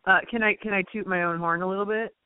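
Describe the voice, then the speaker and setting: A woman's voice: mid-range voice, fairly even intonation, fast, smooth, no room sound. A woman guest on talk radio who chats with plenty of fillers and turns indignant as she goes on. Her voice is dry and thin, and it sounds tinny, like it comes over a phone line. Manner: chatty, hesitant, with many fillers, then indignant. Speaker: radio guest and political writer. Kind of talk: conversational political talk.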